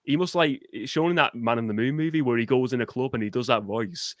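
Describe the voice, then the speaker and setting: A man's voice: medium pitch, quick pace, dry recording. A man talks casually about films as a guest on a live stream. He starts and restarts his sentences often. His voice sounds close and dry, with little room around it. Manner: hesitant, lots of fillers and restarts. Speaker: guest podcaster.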